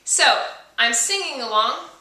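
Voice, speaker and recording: Speaking to camera, a woman who teaches voice walks through singing technique warmly and sings examples along the way. She sounds high-pitched, animated, and sharp, yet unhurried. Her mic is distant in an echoey space.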